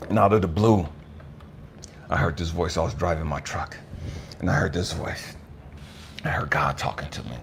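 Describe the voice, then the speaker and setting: A man giving a raw, emotional personal testimony, swinging between hushed whispers and shouts, with blunt swearing. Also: deep voice, steady tone, normal speed, creaky, pauses often, a little hiss or hum. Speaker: speaker sharing his testimony.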